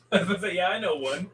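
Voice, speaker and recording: A man making quiet, offhand quips in casual chat. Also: high voice.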